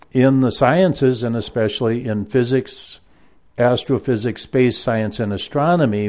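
A man recounts a personal story in a loose, rambling way, full of fillers and restarts. His voice sits at a medium pitch with a mellow, warm color. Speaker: former university math lecturer.

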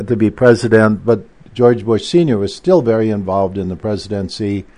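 A man speaking as a guest author, with a lowish, mellow voice. He tells his story at length, doubling back on words and slipping in asides as he goes. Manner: rambling, with frequent restarts and asides. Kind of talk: conversational recounting.

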